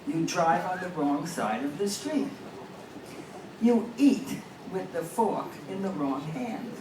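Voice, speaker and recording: A woman voicing a dry, sneering English gentleman who talks slowly. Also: on the low side, lively intonation. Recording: echoey and distant, noisy.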